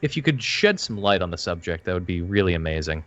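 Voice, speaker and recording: A man's voice: low-pitched, sing-song, fast talker, a bit bright. A man voicing a snooty, pompous male adventurer who talks with haughty politeness. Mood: courteous.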